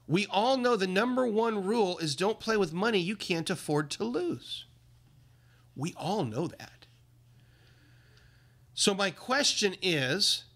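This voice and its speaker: A man hosting a livestream, talking casually with indignant, emphatic commentary that swings up and down in pitch. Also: fairly bright tone. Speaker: livestream host.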